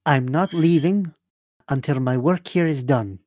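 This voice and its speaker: A man's voice: fairly high pitch, a little slow, a little mellow, dry recording, studio quality, lightly acted. A man voicing a stern, grieving woman who leads a temple, speaking formally and with command. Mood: dismissive.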